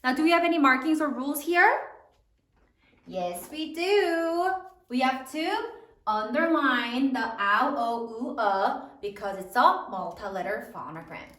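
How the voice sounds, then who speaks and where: A woman teacher leading a spelling lesson, slowly sounding out words letter by letter for young pupils. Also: sits high, a bit bright. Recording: echoey room, mic at a distance.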